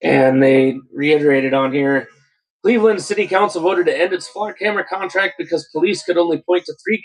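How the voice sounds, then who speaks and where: A man's voice: fairly high pitch, poor audio. Man reading news on a podcast. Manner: relaxed, reads posts out, jokey asides. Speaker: podcast host. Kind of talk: casual podcast talk, reading news aloud.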